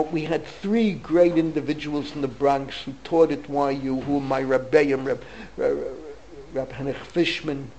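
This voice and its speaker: Older rabbi, slow and gravelly. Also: male voice, fairly high pitch, darkish tone, poor audio. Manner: digressive storyteller, emphatic. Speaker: rabbi teaching a class. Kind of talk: Torah lecture with stories.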